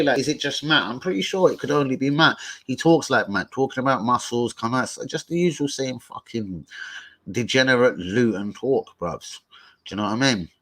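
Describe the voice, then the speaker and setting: A man's voice: mid-range voice, a bit bright. A young man hosts a live stream. He chats in a slangy, profane style and trades insults with trolls in the chat.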